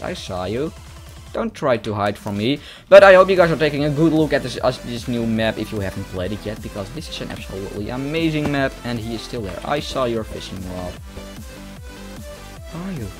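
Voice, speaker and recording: European guy, gaming commentary, lively up-and-down voice, music under it. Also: medium pitch. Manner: excitable, talks to opponents and viewers, yelps at kills. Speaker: gaming YouTuber. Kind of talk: live gameplay commentary.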